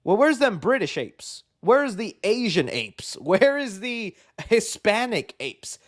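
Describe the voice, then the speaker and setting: A man hosting a live movie news show, chatting casually in an excitable, rambling way with many fillers. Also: high voice, slow. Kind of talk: casual live-stream chat.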